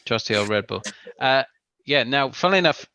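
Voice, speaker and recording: Gravelly bright-voiced male stream host. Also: medium pitch, expressive, a little fast, dry recording, lo-fi sound. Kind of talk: casual live-stream chat.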